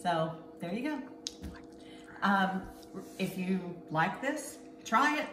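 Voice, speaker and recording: A woman's voice: medium pitch, lively intonation, slow. A woman hosting a casual cooking demo, chatty and a bit bossy as she gives step-by-step instructions in her home kitchen. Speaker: cooking show host. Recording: echoey kitchen with clear background noise.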